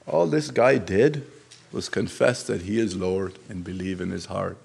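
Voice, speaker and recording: A man's voice: low voice, vocal fry, darkish tone, slightly rough. Earnest plain-spoken man preaching. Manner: earnest, halting, plain-spoken, with restarts and rising emphasis on quoted Scripture. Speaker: lay preacher. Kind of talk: sermon. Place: church service.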